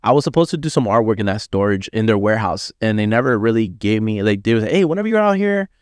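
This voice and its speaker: A man's voice: on the low side, fast talker, clean tone, no room sound. Profane storytelling man from Miami. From Miami, USA. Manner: profane, animated, acts out quoted voices. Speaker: artist guest. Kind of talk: casual storytelling.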